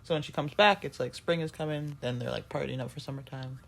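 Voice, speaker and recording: A woman's voice: rumbling low, quick pace, vocal fry. A woman co-hosting a podcast, retelling a musical's plot in a casual, rambling way with plenty of fillers and restarts. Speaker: podcast co-host. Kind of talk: casual chat.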